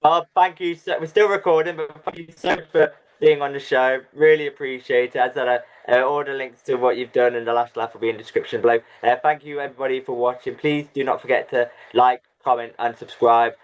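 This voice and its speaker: A man's voice: medium pitch, fairly even intonation, fast, few pauses, a little hiss or hum. A man hosting a casual podcast chat, self-deprecating and laughing often. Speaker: host. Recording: dull lo-fi audio.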